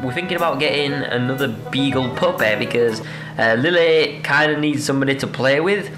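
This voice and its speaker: A man chatting casually in a home vlog, often breaking into high excited squeals. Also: reverberant. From United Kingdom. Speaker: vlogger. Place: house.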